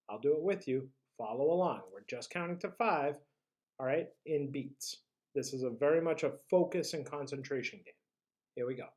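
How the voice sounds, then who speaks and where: A teacher leading a drama class through vocal warm-ups and tongue twisters. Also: mid-range voice, fairly quick.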